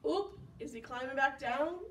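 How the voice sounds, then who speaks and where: A young woman leading a preschool storytime as a children's librarian, with lively gasps, whispers and sing-along songs. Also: high voice, moderate pace, slight background noise. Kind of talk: preschool storytime reading and singing. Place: library room. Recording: echoey room, mic at a distance.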